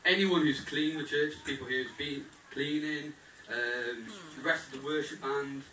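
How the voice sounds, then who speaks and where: Speaking at an ordinary pace with fairly even intonation, this young man's slightly high voice carries a humorous, appreciative toast to the people at his wedding. There's a faint hiss or hum, plus hall echo, a far-off mic, and guests chattering and laughing loudly.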